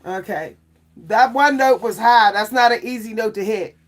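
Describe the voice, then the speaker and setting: A woman's voice: fairly high pitch, moderate pace. Woman vlogger, casual live chat, talkative, frequent laughs and "y'all". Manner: chatty, keeps saying "y'all", laughs often. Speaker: vlogger and French horn player.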